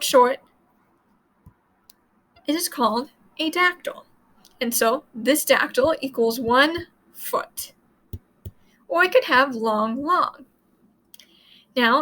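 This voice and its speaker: A woman's voice: high-pitched, pushed and bright, rough recording. A woman teaching Latin in a casual, chatty way, repeating points and sounding out words as she explains.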